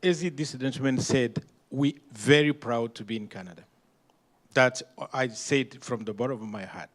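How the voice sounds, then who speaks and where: A man from Rwanda speaks as a panelist, his Rwandan accent colouring every phrase. His delivery is emphatic and halting, built around pointed rhetorical questions, in a voice of ordinary middle pitch. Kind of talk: impassioned panel remarks.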